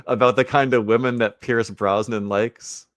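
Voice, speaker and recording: A man's voice: mid-range voice, steady tone, normal speed, fairly bright tone, no room sound. A man hosting a casual livestream chat, laid-back and teasing with crude banter. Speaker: host.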